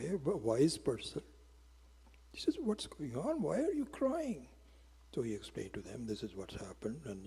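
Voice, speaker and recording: A man with a very husky, breathy voice tells a teaching story. His tone is dark and mellow, and he sits on the lower side. He often drops into whispered asides, and his voice trails in a long reverb. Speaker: spiritual teacher. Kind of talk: storytelling lecture.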